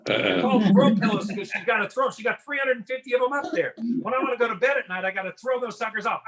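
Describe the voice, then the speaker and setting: A middle-aged man from Washington State doing a stand-up routine, animated and slipping into drawls and mimicked voices. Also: sits high, poor audio. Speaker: stand-up comedian.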